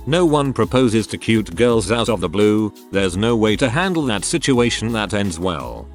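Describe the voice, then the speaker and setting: A man reading online posts aloud in a steady, even scripted narration. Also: lowish voice. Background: faint background music.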